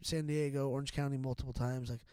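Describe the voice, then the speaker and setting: A man's voice: mid-range voice, little pitch movement, fast, a little mellow, clear, resonant tone, no echo. A middle-aged man talking as a podcast guest in a candid, casual chat, rambling and profane, with many restarts and fillers.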